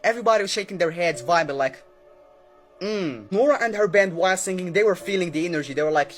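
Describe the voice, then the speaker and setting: High-pitched guy telling a creepy story casually, keeps going "okay?", faint music behind. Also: animated, fast talker, a bit bright. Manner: chatty, keeps adding "okay?" and "right?", acts out quotes. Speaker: storyteller host.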